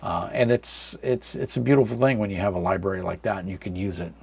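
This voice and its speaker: A man in his thirties hosting a casual live chat from a dark room at home, rambling with many fillers and reading chat comments aloud. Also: deep voice, fast talker, vocal fry, breathy edge. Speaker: livestream host.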